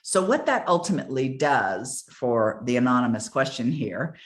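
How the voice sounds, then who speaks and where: A woman's voice: very deep voice, big pitch swings, moderate pace. Older lady life coach, earnest and emphatic, hammers on key words. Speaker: success coach. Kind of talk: motivational coaching talk.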